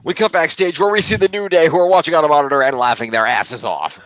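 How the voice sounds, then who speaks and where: A man's voice: on the high side, fast, a bit bright, no room sound, highs cut off. A man co-hosting a podcast, casually recapping the week's wrestling and tallying scores. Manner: narrates events, acts out quotes in a raised voice. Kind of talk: casual chat, recapping events.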